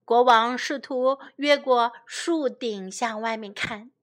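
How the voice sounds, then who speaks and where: Slow, gentle woman reading a children's story. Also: a little high. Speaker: children's English teacher.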